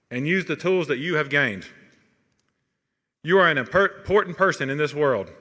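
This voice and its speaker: A man's voice: fairly high pitch, sharp tone. A man giving an earnest, encouraging commencement address from a podium in a large hall. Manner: earnest, encouraging, quotes sayings. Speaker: commencement speaker. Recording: long hall reverb.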